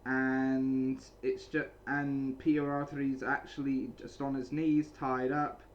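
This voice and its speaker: Man, casual chapter recap, rambling, restarts a lot, mid-pitched voice, slightly muffled lo-fi audio. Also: flat delivery, takes it slowly, a little hiss or hum. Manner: rambling, many restarts and repeated phrases. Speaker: manga chapter reviewer. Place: small cold room indoors with a heater running.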